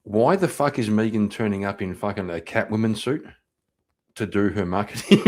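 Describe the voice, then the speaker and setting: A man's voice: lowish voice, brisk. A man hosting a live stream, reacting to clips in loose, profane commentary, laughing and repeating himself. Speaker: livestream host reacting to clips.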